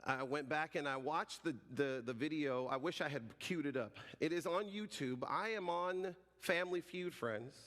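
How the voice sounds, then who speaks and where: A man in his forties, a pastor giving a sermon as an animated, joking storyteller. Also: on the high side, moderate pace, hardly any pauses. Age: 40s. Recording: reverberant hall.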